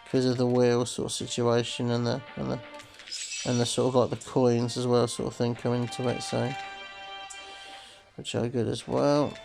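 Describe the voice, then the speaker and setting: A man's voice: medium pitch, flat delivery, normal speed, creaky, over music, poor audio. A man hosting a slot game video, rambling casually to viewers with lots of "sort of" fillers and calling them folks. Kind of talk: casual gameplay commentary.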